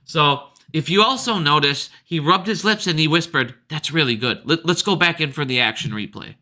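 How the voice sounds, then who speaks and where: A man's voice: fairly high pitch, animated, moderate pace, sharp tone. A man giving profane, sarcastic commentary and mocking people in a rant. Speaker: video commentator. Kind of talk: ranting commentary.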